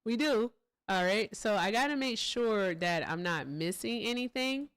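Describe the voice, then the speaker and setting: A woman's voice: mid-range voice, animated, a little slow, clean tone. A woman hosting a live stream in a casual, chatty way. She thanks donors, laughs often and swears freely. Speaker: livestream host.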